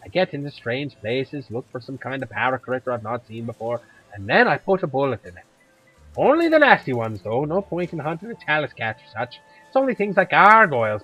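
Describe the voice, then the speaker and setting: In a heavily acted turn, a man plays a blunt, gruff, talkative middle-aged Irish woman who hunts monsters, with a fake Irish accent that wanders toward Scottish. His mid-range voice sounds bright and forceful. The recording is dry and low in quality.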